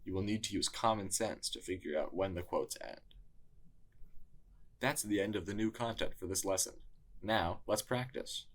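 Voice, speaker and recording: A man narrating a scripted language lesson in a measured teaching tone. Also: fairly low pitch. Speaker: tutor.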